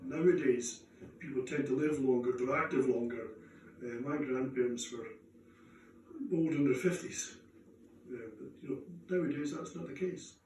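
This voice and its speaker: A man's voice: mid-range voice, moderate pace, darkish tone, recorded from a distance. Man, interview, thoughtful plain tone, echoey, faint background noise.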